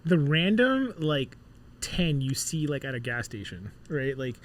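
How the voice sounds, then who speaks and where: Animated man telling stories on a podcast. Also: a little high, measured pace. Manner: animated storyteller, acts out dialogue, many fillers. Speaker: musician guest. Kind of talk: casual podcast chat.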